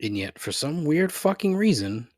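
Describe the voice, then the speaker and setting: Exasperated swearing man, husky and dry. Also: fairly high pitch, sing-song, normal speed, a little mellow, dry recording. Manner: frustrated, swearing, self-deprecating with rueful laughs. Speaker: podcast host. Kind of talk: solo podcast rant.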